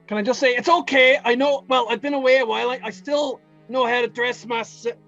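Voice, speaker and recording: A man's voice: very high voice, fairly even intonation, a little fast, a bit bright, lo-fi sound, faint music behind. A man voicing a dwarf prince who rambles cheerfully. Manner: rambling, jokey.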